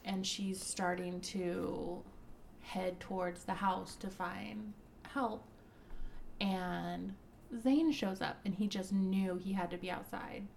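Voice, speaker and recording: Brief: woman co-host, mid pitch, gravelly fry, relaxed recap, faint hiss. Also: slow. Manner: relaxed storytelling recap, plays quoted lines. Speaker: podcast co-host reviewing a book. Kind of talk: casual chat.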